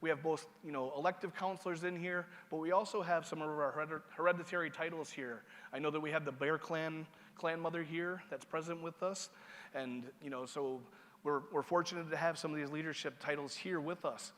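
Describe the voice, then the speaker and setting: A man's voice: on the high side, fairly even intonation, brisk, a bit bright. A man giving conference opening remarks as master of ceremonies, casual and joking, checking in with the audience. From Seneca Nation. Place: large conference hall. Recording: hall reverb.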